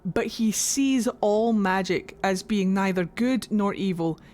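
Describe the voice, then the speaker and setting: A woman's voice: mid-range voice, slow pace, a little mellow. Rambling Scottish woman game streamer. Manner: rambling, swears freely. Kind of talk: casual live-stream chat.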